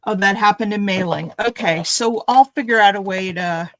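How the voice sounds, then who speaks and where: A woman's voice: medium pitch, normal speed, no echo, poor audio. A woman making a craft video, chatting in a rambling, thinking-aloud way as she opens gifts at home. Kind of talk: casual chatty unboxing.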